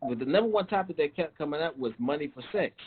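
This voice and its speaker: Man, host, fairly high husky voice, hesitant with fillers, phone-line sound. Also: fast. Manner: relaxed, hesitant, many fillers. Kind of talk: casual discussion. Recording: phone-like call audio.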